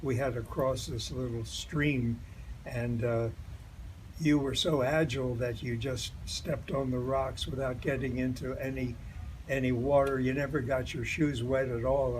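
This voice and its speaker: Older man, mid pitch, reminiscing, hesitant, faint background ambience. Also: slight background noise, low-quality recording. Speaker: longtime friend. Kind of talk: recorded birthday greeting.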